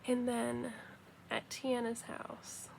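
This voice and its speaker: Young woman, casual storyteller, slightly high voice with gravelly fry, animated retelling, faint hiss behind. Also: slow pace. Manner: chatty, animated retelling with quoted dialogue.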